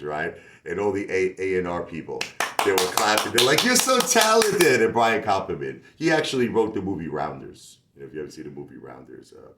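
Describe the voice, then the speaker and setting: A man, a singer-songwriter, telling a rambling, casual story full of asides and fillers. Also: low voice. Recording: roomy echo with faint music behind.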